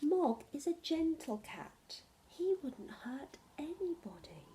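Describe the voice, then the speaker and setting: A woman doing a shrill, flustered old baker lady. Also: big pitch swings, a little slow, dark tone, full character voice. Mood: pleading. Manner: shrill, exclaiming.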